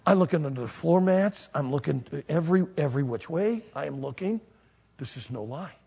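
A male preacher tells a self-mocking story to a live audience in a high, raspy voice with a gravelly edge. His pitch swings wildly from low mutters up to loud, laughing shouts. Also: animated, brisk. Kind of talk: storytelling sermon.

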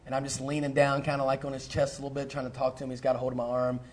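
A middle-aged man, a pastor telling a personal story in a sermon, animated and full of fillers and restarts. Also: mid-range voice, racing. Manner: animated, repeats himself, lots of fillers.

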